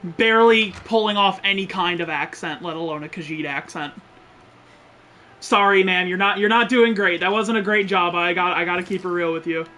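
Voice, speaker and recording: A man's voice: sits high, moderate pace, bright, forceful tone, a little hiss or hum. A man streaming a game, giving joking, profane, blunt commentary. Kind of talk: casual gameplay commentary.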